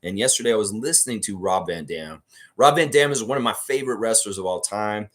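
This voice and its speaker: A man's voice: on the low side, a little fast, fairly bright tone. A man hosting a live fan stream, reading chat aloud and talking casually, swearing often and repeating himself. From Canada. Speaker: fan show host.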